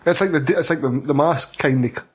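A man's voice: fairly high pitch, fairly quick, breathy edge. A Scottish man in casual film chat on a podcast, blunt and sweary, laughing now and then.

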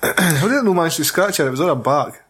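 Give me a Scottish man trading crude film jokes, sweary, with an animated voice. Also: a little high, fast, slightly rough. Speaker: film reviewer. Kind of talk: casual chat.

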